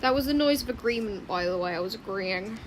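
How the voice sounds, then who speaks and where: A young woman artist chatting casually while she draws, rambling and often muttering quietly to herself. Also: on the high side, animated, fast, background noise. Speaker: artist streaming her drawing.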